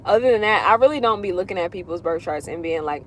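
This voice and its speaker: A woman's voice: fairly low pitch, expressive, fast, a little hiss or hum. A woman astrologer chatting casually on a livestream, answering viewer questions in a loose, rambling way that drifts in circles. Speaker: astrologer doing readings.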